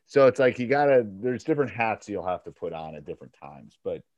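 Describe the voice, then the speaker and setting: A man's voice: fairly low pitch, lively intonation, brisk, darkish tone, highs cut off. A man, a basketball coach and podcast host, giving coaching advice on a one-on-one call and acting out back-and-forth dialogue as he talks.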